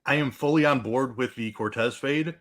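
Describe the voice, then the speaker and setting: A man's voice: mid-range voice, normal speed, a bit bright. A man giving enthusiastic opinions as a guest analyst on a casual live stream. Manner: enthusiastic, talks in restarts and "like"s.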